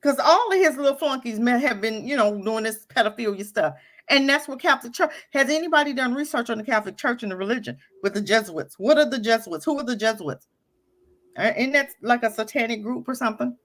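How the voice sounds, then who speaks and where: A woman co-hosting an online talk radio show, reacting to a clip with animated, emphatic indignation. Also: a little high, quick pace. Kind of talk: casual opinion talk, commenting on a played clip.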